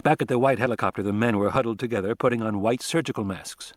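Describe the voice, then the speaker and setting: A man narrates an audiobook in a steady, measured voice of ordinary middle pitch. The recording is close and dry, with no room sound around it. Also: no echo. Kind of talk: scripted narration.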